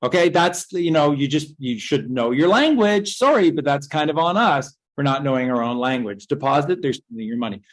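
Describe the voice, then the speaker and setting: A woman's voice: sits low, expressive, a little fast, few pauses, low-quality recording. A woman giving a rambling spoken lecture, emphatic and swearing, firing off rhetorical questions. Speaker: speaker giving a talk.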